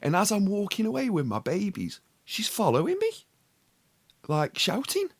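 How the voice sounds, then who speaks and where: A man's voice: sits high, huge pitch swings, normal speed, no echo. A man, co-hosting a podcast and telling a story in casual chat, acting out the other people's voices and swearing freely. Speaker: podcast co-host.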